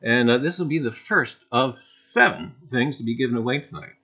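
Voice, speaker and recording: A man's voice: medium pitch, fairly quick, breathy edge. A man with a New Jersey accent hosting a live stream, greeting chat viewers by name with lots of "uh"s. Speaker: livestream host. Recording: dull lo-fi stream audio.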